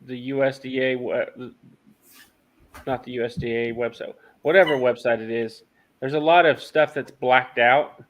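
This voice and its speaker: A man chatting casually on his own livestream, pitched right in the middle for a man. He talks haltingly, trips over his words, and fills the gaps with uh and um. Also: fairly even intonation, a little hiss or hum. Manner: halting, restarts with many fillers. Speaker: host of a farm livestream. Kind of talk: casual chat.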